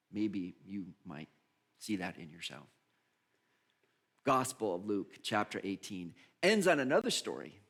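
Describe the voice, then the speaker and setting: A male pastor preaching a sermon in church, animated, acting out voices and laughing often. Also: mid-range voice.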